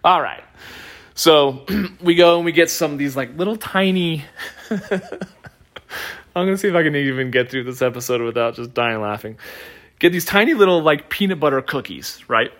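A man hosting a podcast, telling a personal story in a loose, animated way, laughing often and using lots of fillers. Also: a little high, moderate pace, pauses often. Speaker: podcast host. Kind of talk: casual storytelling.

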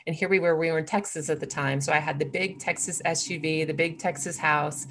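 Low, gravelly woman telling her story. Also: fairly even intonation, fairly quick, a bit bright, a little hiss or hum. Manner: candid and earnest, with frequent fillers and restarts. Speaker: interview guest. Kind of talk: personal storytelling in conversation.

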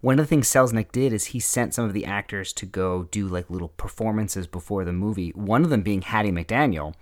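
A man's voice: lowish voice, a little fast, no room sound, clean studio sound. A man co-hosting a podcast, talking conversationally about an old film and adding facts to the chat. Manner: conversational, agreeable, adds facts. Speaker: podcast co-host. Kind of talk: casual film discussion.

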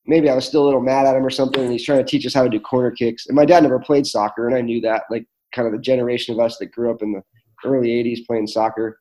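A man tells reflective stories as an interview guest. His voice is warm and mellow. He speaks earnestly, with plenty of fillers and restarts. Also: medium pitch, flat delivery, rapid-fire, rough recording. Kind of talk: reflective storytelling in conversation.

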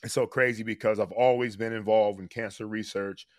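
A man with a fairly low voice talks earnestly as a radio guest. He is heartfelt and goes quieter on serious points. The sound is dry and close. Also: fairly even intonation, a little fast, dry recording. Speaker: guest, former player. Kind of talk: casual radio interview.

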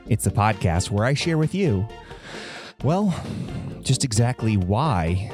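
Rambling, mock-panicked man with a low voice. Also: animated, slow pace, pauses often, over music. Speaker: podcast host. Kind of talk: comedic podcast monologue.

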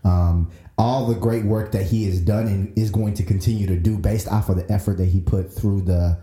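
This is a man co-hosting a podcast in casual, easygoing chat. His voice is mellow and dark in tone, and he rambles a little, leaning on fillers. The recording carries a roomy echo. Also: on the low side, steady tone, normal speed. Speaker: podcast co-host.

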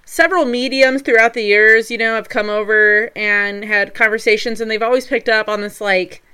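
Host lady, bright crisp voice, chill and encouraging. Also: a little high, steady tone, normal speed. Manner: supportive, brief affirmations. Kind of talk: casual interview.

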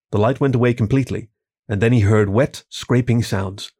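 A man reading a story aloud as scripted narration, calm and even, giving the characters gentle voices. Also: mid-range voice, normal speed, husky, no echo, clean studio sound. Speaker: story reader.

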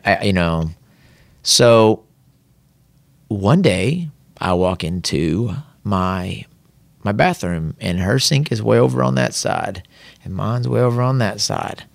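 A man sits in as a guest and tells a long, animated story, acting out what everyone said along the way. His voice sits low with a gravelly fry, and the recording is dry and close. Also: no echo. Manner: animated, drawn-out storyteller who slips into quoted voices. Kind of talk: casual storytelling.

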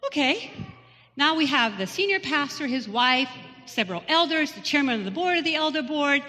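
Lady telling her story from the pulpit, bright sharp voice, asks the crowd questions, echoes round the church. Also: high voice, expressive, normal speed. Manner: earnest storytelling with rhetorical questions to the congregation. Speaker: lay speaker giving a testimony. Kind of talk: personal testimony sermon. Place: church sanctuary.

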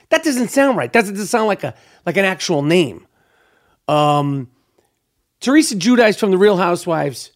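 A man hosting his own podcast in a brash, profane, rambling solo monologue, hyped up and talking freely. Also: high voice. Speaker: podcast host.

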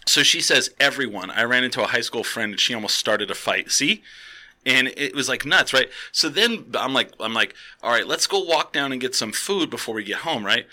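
A man's voice: mid-range voice, moderate pace. A man co-hosting a casual chat, telling profane stories with laughter. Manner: animated, profane, laughing storyteller. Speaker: co-host.

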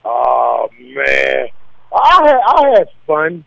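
A man's voice: mid-range voice, wildly swooping pitch, drawn-out words, vocal fry, a bit bright, no room sound, low-quality recording. A man, a comedian, talking casually in an interview, confident and laid-back as he tells stories. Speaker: comedian guest.

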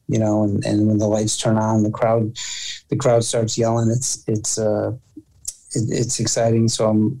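A man, a football coach, answering interview questions in a halting way, restarting and repeating words often. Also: lowish voice, warm tone, low-quality recording.

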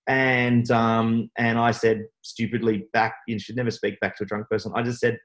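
A man's voice: medium pitch, fairly even intonation, brisk, rough recording. Rambling man telling his story. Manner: rambling, full of restarts and fillers. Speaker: guest. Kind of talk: interview storytelling.

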